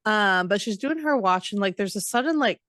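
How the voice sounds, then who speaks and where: A woman's voice: medium pitch, lively intonation, fairly quick, a bit bright, no room sound, studio quality. Chatty woman co-hosting a podcast. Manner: chatty, hesitant, with frequent likes and asides. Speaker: podcast co-host. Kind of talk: casual book recap chat.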